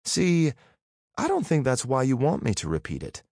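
A man's voice: mid-range voice, huge pitch swings, moderate pace, gravelly, darkish tone, no echo, studio quality, pitched above the performer's own voice, heavily acted. A man voicing a brash young woman fighter in an audiobook, mocking and cutting.

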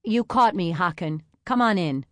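A woman's voice: on the low side, lively intonation, moderate pace, dry recording, natural voice. A woman voicing a stiff, anxious young pastor. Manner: prim, formal, inwardly anxious.

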